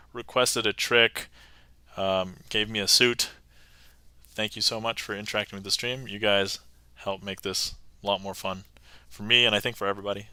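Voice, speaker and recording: A magician hosts a casual livestream from a desk mic, chatting upbeat with viewers, reading the chat aloud and thanking people one by one. His mid-range voice is strikingly bright and smooth, and the sound is dry with no room echo.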